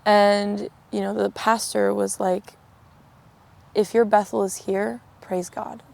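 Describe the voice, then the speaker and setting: Young woman with a gravelly, flat voice. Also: medium pitch, slow pace. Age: young adult. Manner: chatty, peppered with "like", acts out quoted exchanges. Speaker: interviewee sharing testimony. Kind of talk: personal testimony, casual storytelling.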